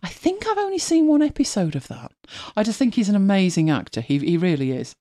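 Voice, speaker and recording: A woman's voice: medium pitch, big pitch swings, fairly quick, dark tone. Chatty woman with a mild Manchester accent. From England, Manchester. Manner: chatty, rambling, laughs often. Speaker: host. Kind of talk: casual chat, reading listener comments.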